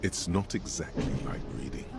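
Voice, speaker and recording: A man voicing a solemn game narrator with measured, dry, wordy scripted narration. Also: sits low, gravelly, very noisy.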